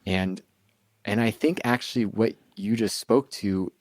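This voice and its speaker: A soft-spoken man hosts a relaxed interview, thinking aloud with pauses and false starts. His voice is on the lower side, and it is recorded dry and close. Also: dry recording. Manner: soft-spoken, reflective, hesitant. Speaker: podcast host. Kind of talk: casual interview conversation.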